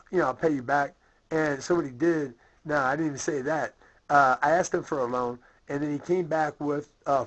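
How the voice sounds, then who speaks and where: A man's voice: fairly high pitch, a bit bright, poor audio. A man ranting bitterly into his camera, profane and rambling, full of fillers and restarts. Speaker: vlogger. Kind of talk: profane angry rant to camera.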